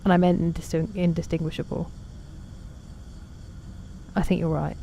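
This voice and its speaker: A woman's voice: fairly low pitch, steady tone, normal speed, vocal fry, warm tone, a little hiss or hum. A woman streaming a game, chatting casually and self-deprecatingly while reading out her chat.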